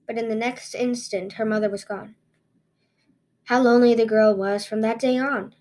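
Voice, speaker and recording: A woman reads fairy tales aloud for her podcast in a slightly high voice. She tells the story expressively, with the odd stumble and restart. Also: little pitch movement, brisk, a little mellow. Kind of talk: fairy tale reading.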